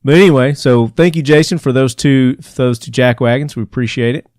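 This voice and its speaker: A man hosts a podcast and works through news items with a mocking, exasperated edge, often laughing at what he reads. His voice is smooth and resonant at an average pitch. The sound is close and dry, with no room around it. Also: a little fast, a little mellow, no echo. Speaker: podcast host. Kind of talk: casual commentary reading news.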